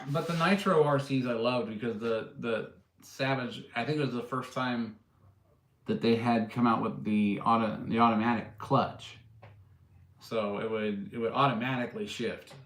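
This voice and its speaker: A man hosting a casual live stream, rambling along with plenty of fillers and restarts. His voice sits at an ordinary middle pitch. The sound carries a noticeable roomy echo. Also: fairly even intonation, a little slow, a bit bright. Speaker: livestream host and drone builder.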